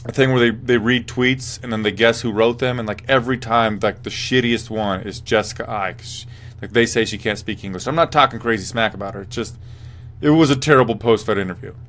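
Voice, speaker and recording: A man's voice: medium pitch, fairly even intonation, brisk, fairly bright tone, slight background noise. A young man hosting a casual mixed martial arts post-fight show, rambling, swearing freely and reacting to viewer chat. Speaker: host.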